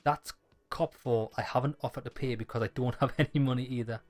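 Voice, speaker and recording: Over faint background music, a man who makes gaming videos on YouTube works through a talky game, reading each line and tossing in wry jokes. His mid-range voice is steady and a little fast.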